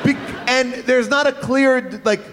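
A man's voice: very high voice, steady tone, measured pace, fairly bright tone, a faint crowd, a little hiss or hum. A man co-hosting a casual movie review chat, wry and rambling. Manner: wry, rambling, playful impressions. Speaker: podcast co-host.

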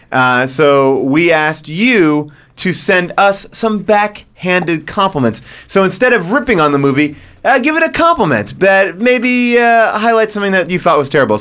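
A man's voice: fairly high pitch, fairly bright tone, clean tone. A man hosting a casual comedy podcast, laughing often as he banters and reads listener mail aloud. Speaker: podcast host.

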